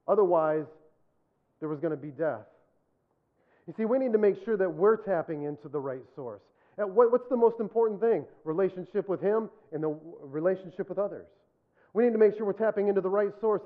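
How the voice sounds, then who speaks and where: Man, pastor, sermon, high voice, earnest, repeats points for emphasis, self-deprecating humor, tinny phone-like sound.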